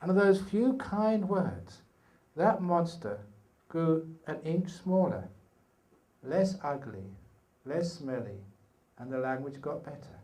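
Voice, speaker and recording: A man in his sixties with a British accent, a meditation teacher telling a story in a slow, playful way with humorous asides during an evening dharma talk at a retreat. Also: medium pitch, darkish tone. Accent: British English. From England. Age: 60s. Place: retreat hall.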